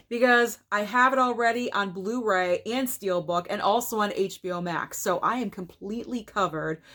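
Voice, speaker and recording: A woman's voice: mid-range voice, a bit bright. A woman hosting a casual show-and-tell vlog, talking with gushing enthusiasm and tripping over her words now and then. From United States. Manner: enthusiastic and gushing, with frequent stumbles. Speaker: collector vlogger.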